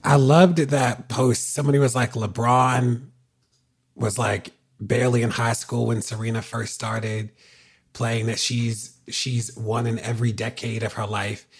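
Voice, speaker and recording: A man hosting a podcast, talking in a relaxed, conversational way with lots of fillers. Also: medium pitch, measured pace, gravelly, slightly rough. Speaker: podcast host. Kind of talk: casual podcast chat.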